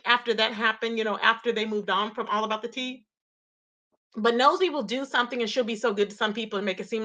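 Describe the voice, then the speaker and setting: A woman's voice: fairly high pitch, pushed and bright. A woman hosting a casual gossip livestream, reading chat and reacting with lots of exclamations. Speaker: livestream host.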